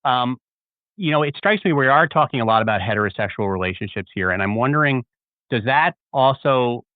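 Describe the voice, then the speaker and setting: A man's voice: mid-range voice, lively intonation, fairly quick, dry recording. A man hosting a talk show, asking questions in an easygoing way and reacting with short interjections. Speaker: podcast host. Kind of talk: casual interview chat. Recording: thin phone-like sound.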